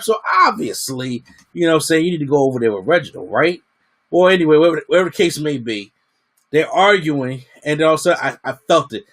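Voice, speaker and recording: Guy doing a wrestling review, kinda high voice, slangy and animated. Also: fairly quick. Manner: animated, slangy, acts out quotes. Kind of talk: casual review monologue.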